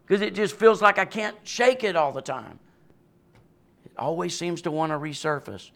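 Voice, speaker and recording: A man's voice: on the high side, lively intonation, a little slow, creaky, a bit bright. A male pastor preaching a sermon with passion and emphasis, often adding a questioning "right?" and laughing lightly between points.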